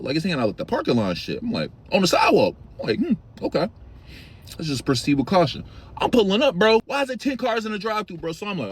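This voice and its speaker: Lively, husky-voiced young man telling a story. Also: on the high side, fast. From Chicago. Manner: animated, profane, slangy street talk. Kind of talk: casual storytime.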